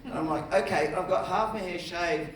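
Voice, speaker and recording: A middle-aged man spins anecdotes for a festival audience, acting out the people in his stories. His voice sits fairly high for a man. The mic is some way off in an echoey room, with a faint hiss underneath. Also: moderate pace, recorded from a distance. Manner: animated storyteller, acts out other voices. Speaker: film director, festival jury head. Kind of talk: on-stage conversation, anecdotal storytelling. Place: festival stage before an audience.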